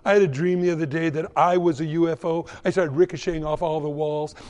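Preacher as spacey hippie, dreamy drawl, echoey hall. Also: male voice, fairly high pitch, steady tone, quick pace, darkish tone, lo-fi sound, lightly acted.

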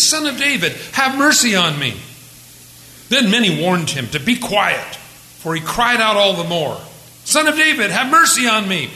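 A man's voice: fairly high pitch, sharp tone, roomy sound, a little hiss or hum, low-quality recording. A man preaching a conversational sermon to his congregation, rising for dramatic quotes. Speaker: pastor.

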